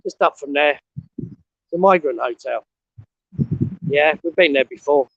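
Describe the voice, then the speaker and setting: Breathless, gravelly man vlogging outdoors. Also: on the high side, a little slow, a bit bright, dry recording, dull audio. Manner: blunt, swears a lot, rambling. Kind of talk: casual walking vlog. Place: outdoors on a steep hill road.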